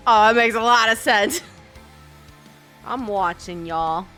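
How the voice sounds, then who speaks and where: A woman's voice: fairly high pitch, slow pace, sharp tone, soft background music. A woman streamer chatting casually with her viewers, giggling often and greeting them. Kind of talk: casual live-stream chat.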